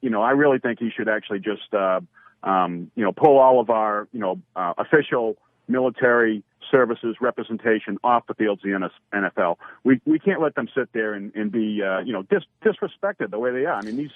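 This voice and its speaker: A man's voice: on the low side, a little fast, dry recording. A man calling in to a radio talk show, talking heatedly and stumbling over his words with many restarts. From Massachusetts. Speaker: caller. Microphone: phone. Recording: tinny phone line, dry.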